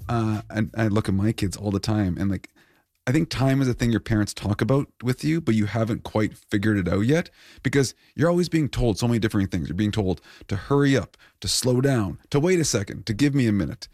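A man's voice: on the low side, a little fast, darkish tone, dry recording, studio quality. A man co-hosting a radio show, teasing and bantering and reading segment teasers. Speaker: host.

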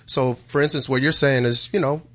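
A man's voice: mid-range voice, steady tone, brisk, a bit bright. A male musician, a guest on a radio show, talking in a friendly, enthusiastic way with many fillers. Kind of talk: conversational radio interview.

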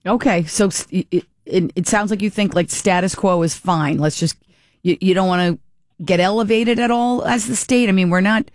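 Chatty talk radio hostess, dry studio. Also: female voice, medium pitch, normal speed, a little mellow, no room sound. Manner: chatty, rambling, many restarts. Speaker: radio talk show host.

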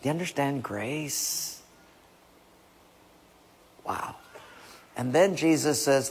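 A male preacher delivers a sermon with a gravelly, raspy voice. He is urgent and emphatic, moving from hushed asides to loud exhortation. His words ring with long reverb in a large hall. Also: fairly high pitch, lively intonation, slow pace, long pauses.

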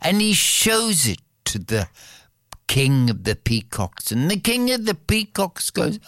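A storyteller telling a folktale aloud with a rhythmic, repetitive delivery and dramatic pauses. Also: medium pitch, big pitch swings, fairly bright tone, no room sound, studio quality.

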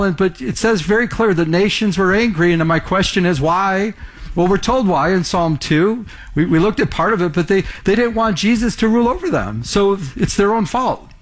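A man preaching a sermon in a conversational way, often repeating words and asking the congregation questions. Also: high voice. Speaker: pastor.

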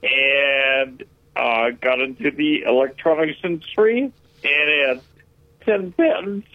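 A man calling in to a radio show, talking in a hesitant, halting, emotional way. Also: mid-range voice, no echo. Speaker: caller. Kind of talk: phone-in call. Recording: tinny dry phone line.

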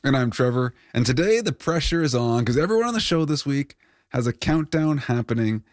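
A man's voice: mid-range voice, animated, a little fast, no room sound, studio quality. A middle-aged man co-hosting a show, playful and teasing in casual chat. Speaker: co-host.

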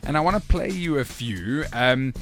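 A man's voice: medium pitch, animated, normal speed, fairly bright tone. A man hosting a casual radio show from a studio, playful and self-mocking, often stumbling over his words. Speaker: radio host. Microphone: studio mic.

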